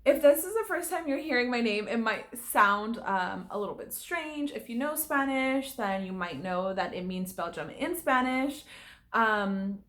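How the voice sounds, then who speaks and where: A young actress speaks straight to her viewers in a casual vlog, her voice sitting a little high. She is earnest and stirred up, laughing often as she makes her point. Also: lively intonation, unhurried, fairly bright tone. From California. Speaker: actress and acting vlogger. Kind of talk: casual vlog talk to camera.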